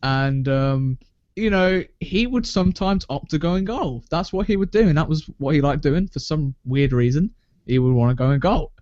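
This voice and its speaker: A young man chats crudely on a podcast, boasting and laughing. His pitch swings widely as he tells stories. The recording is dry and slightly muffled. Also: animated, moderate pace, a little mellow, no echo. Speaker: podcast co-host. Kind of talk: casual chat. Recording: dull lo-fi sound, dry.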